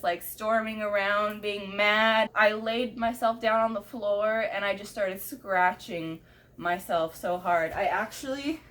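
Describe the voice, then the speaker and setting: Young woman, vlogger, frank personal storytelling, blunt, swears, laughs things off, medium pitch. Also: a bit bright.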